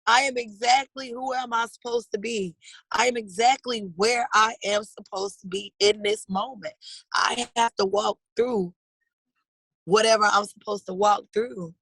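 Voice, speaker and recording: A woman's voice: fairly high pitch, measured pace, vocal fry, fairly bright tone, husky, no room sound, rough recording. A woman in her thirties speaking in a heartfelt, earnest way in a personal interview, often calling people "baby". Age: 30s.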